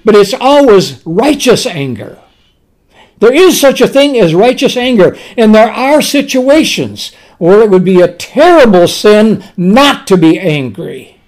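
A man's voice: high voice, a little mellow. A man preaching a sermon with emphasis, repeating words and reading scripture aloud.

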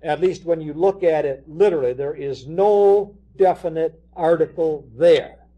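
A man's voice: fairly high pitch, measured pace, dull audio. A man preaching a sermon, explaining scripture and reading verses aloud with emphasis.

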